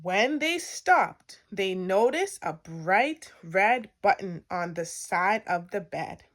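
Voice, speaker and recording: A woman reads a children's storybook aloud at an unhurried pace, her voice rising and falling in wide, animated swings. She plays up the sound effects with playful emphasis. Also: mid-range voice. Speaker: storytime reader.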